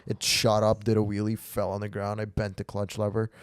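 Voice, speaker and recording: A young man hosting a casual podcast chat, telling stories in an animated way and acting out his friends' voices. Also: lowish voice, fairly quick, clean tone, no room sound. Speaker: podcast host.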